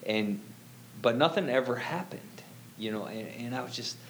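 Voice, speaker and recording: A middle-aged man, appearing as an interview guest, tells a personal story at a moderate pace in a medium-pitched, fairly bright voice. He rambles and fills his talk with "you know," and there's slight background noise.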